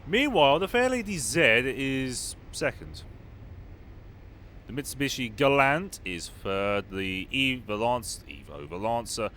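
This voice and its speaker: Chatty man with a lively, bouncing voice. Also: mid-range voice, unhurried, slight background noise. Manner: chatty, wry, talks to live chat. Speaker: gaming YouTuber. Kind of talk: casual game commentary. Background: game music and car engines.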